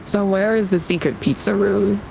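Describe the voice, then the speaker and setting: A man's voice: high-pitched, moderate pace, vocal fry, background noise. A young man streaming, chatting casually and rambling while he reads out donations, into a desktop USB mic. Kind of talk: casual livestream chat.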